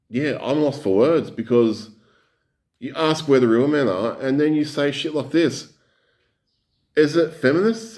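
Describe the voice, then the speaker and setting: A man's voice: mid-range voice, a little mellow. A man ranting in a reaction commentary, blunt, angry and full of swearing.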